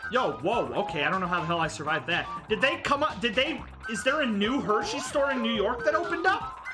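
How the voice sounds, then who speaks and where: A woman streaming a game, chatting casually in an excitable, exclamatory way with casual swearing. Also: a little high, fairly quick, over music.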